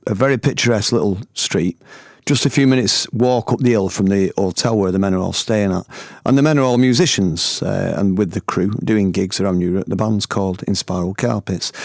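Gravelly man telling a tale. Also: on the low side, darkish tone, no echo, clean studio sound. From north of England. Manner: colloquial, laughs through the telling. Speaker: storyteller and former band member. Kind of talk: anecdotal storytelling.

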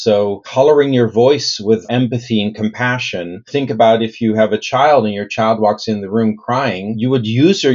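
A man who coaches people on voice and communication, answering in an interview in an animated, demonstrative way. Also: dull audio. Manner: animated, demonstrative, plays with his own pitch and pace.

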